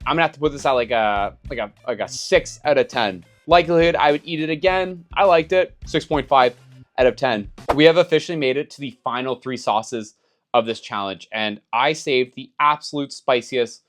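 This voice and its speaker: A young man in casual vlog talk, chatty and rambling, restarting his sentences when he gets flustered. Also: mid-range voice. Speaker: YouTuber.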